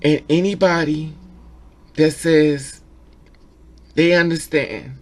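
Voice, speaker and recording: Gravelly guy ranting in a vlog, kinda high voice, gets all emotional and stammery. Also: steady tone, measured pace, pauses often, fairly bright tone. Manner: emotional, repetitive, stammers when upset. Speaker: vlogger reviewing a documentary.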